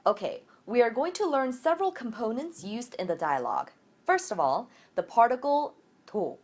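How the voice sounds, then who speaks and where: A woman language teacher giving a recorded virtual lecture, explaining grammar clearly and methodically. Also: fairly high pitch, very animated, normal speed.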